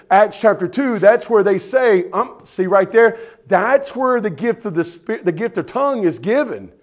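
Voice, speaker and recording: A man's voice: high voice, darkish tone. A male pastor, preaching a sermon in an emphatic, folksy way and often asking the congregation if they are ready.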